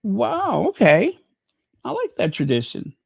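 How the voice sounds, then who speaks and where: A man's voice: sits high, wildly swooping pitch, measured pace, gravelly, husky, no room sound, clean studio sound. A man hosting his channel, chatting casually with ironic asides and frequent ums. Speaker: channel host. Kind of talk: casual commentary reading from the web.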